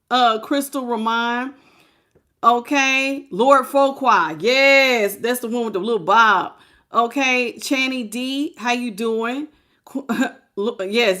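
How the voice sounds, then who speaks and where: An animated woman reading tarot cards live, her voice bright and forceful and pitched a little high. She chats freely with her audience, greeting them by name and laughing often. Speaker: tarot reader.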